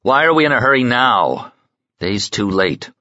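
A man voicing a grief-stricken young nobleman with a sharp tongue, talking in a ragged, shaken way. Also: mid-range voice, animated, moderate pace, dry recording, highs cut off, voice pushed up. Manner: ragged, snapping then apologetic.

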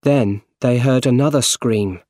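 A man reading a simple storybook aloud in slow, clear, carefully paced narration. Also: mid-range voice, darkish tone, dry recording, clean studio sound. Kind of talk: scripted narration of a graded reader story.

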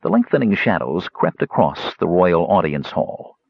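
A man reading a fantasy novel aloud as audiobook narrator, expressive and voicing the characters. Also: deep voice, normal speed, creaky, breathy edge, no echo. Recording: dull lo-fi dry recording.

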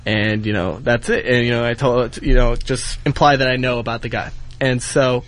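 A young intern retells his breakup on the radio, and the casual story comes out rambling and heated, with plenty of fillers. His voice is medium-pitched with fairly even intonation at a normal speed.

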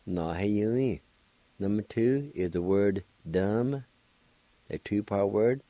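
Slow, patient man teaching pronunciation. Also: lowish voice, warm tone, no room sound. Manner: patient, spells and repeats syllables. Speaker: radio language teacher. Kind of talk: slow word-by-word pronunciation lesson.

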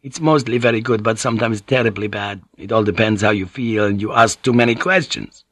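A man voicing a gruff, seasoned ship pilot who talks bluntly and teases with salty words in a storybook reading. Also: lowish voice, fairly even intonation, a little fast, fairly bright tone, no echo, studio quality. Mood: wry.

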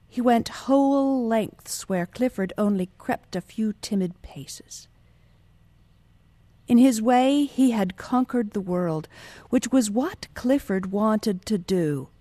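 A woman narrating a novel as an audiobook in a measured, calm reading. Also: a little high, no room sound.

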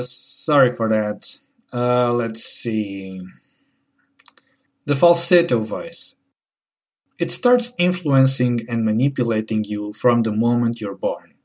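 A man delivering a wry, deadpan comedy monologue as host. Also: medium pitch, takes it slowly. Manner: deadpan, wry, switching into mocking voices.

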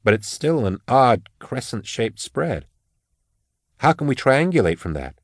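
A man reading the part of a wry male forensic scholar with a dry wit, explaining in a measured way. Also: mid-range voice, sing-song, dry recording, voice pushed up. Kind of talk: audiobook character reading.

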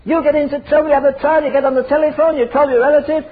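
A man's voice: very high voice, fast talker, few pauses. An older man preaching a fiery, emphatic sermon full of rhetorical questions. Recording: tinny phone-like sermon recording.

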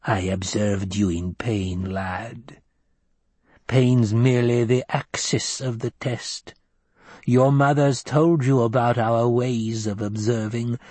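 A man voicing a stern old woman who leads a secretive sisterhood, speaking in a slow, measured, commanding way with a husky tone. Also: medium pitch, steady tone, a little mellow, no echo. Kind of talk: audiobook character voice.

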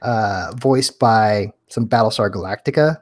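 A man co-hosting a podcast in a casual chat, relaxed, asking questions and giving short agreeing replies. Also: on the low side, a little slow. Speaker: podcast co-host.

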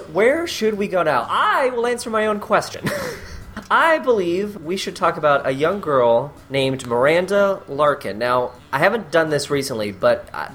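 A man's voice: on the high side, a bit bright, slight background noise. A man co-hosting a comedy podcast, joking theatrically and reading an article aloud with mock drama. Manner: theatrical, jokey, bursts into mock villain voices. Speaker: podcast co-host. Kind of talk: comedic casual chat.

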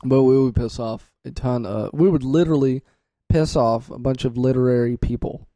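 A man co-hosting a podcast in casual chat, joking and teasing, quick to laugh. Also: medium pitch, dark tone, no room sound. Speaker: podcast co-host.

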